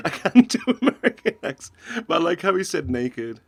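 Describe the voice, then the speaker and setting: A man's voice: a little high, very animated, normal speed, vocal fry, husky, no echo. Sarcastic laughing man, dry sound. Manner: sarcastic, laughs often between remarks. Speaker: commentary host. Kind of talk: satirical reaction commentary.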